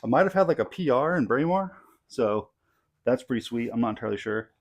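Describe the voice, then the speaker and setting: A man's voice: medium pitch, fairly quick. A young man talking casually while training in his home garage gym, tired and a bit out of breath, rambling with lots of fillers. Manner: relaxed, rambling, many fillers. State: tired, out of breath between sets. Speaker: strength athlete vlogging his training. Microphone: clip-on mic.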